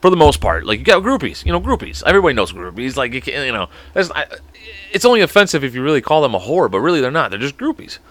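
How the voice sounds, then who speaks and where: A man's voice: mid-range voice, sing-song, a bit bright. A young man hosting a podcast, rambling in casual chat, swearing often and breaking into laughter. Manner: profane, rambling, quick laughs. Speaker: podcast host.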